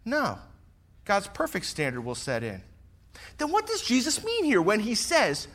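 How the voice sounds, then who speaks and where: Measured in pace, with a high voice whose pitch swoops wildly, this middle-aged pastor, also a fire lieutenant, delivers a sermon. He tells personal anecdotes, performs the voices of people in them, and shifts from loud to quiet.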